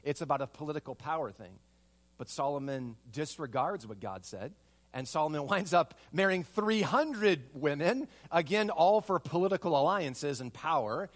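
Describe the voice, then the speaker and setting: A pastor delivers a sermon in a noticeably high-pitched male voice. He tells a personal story with lively, animated energy. He drives his point home with a string of repeated rhetorical questions.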